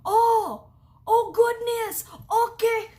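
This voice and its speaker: A woman putting on a high, flustered hotel housekeeper. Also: steady tone, a little slow. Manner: anxious, repeating her questions.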